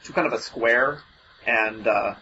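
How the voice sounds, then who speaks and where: A man running a tabletop game as game master, narrating in a halting way with many restarts. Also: mid-range voice, pushed and bright. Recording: dull lo-fi mic, faint noise.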